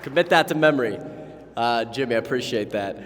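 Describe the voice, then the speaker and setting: A man's voice: medium pitch, animated, a little fast, fairly bright tone. A man interviewing a guest onstage, enthusiastic with hesitant restarts. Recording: hall with reverb.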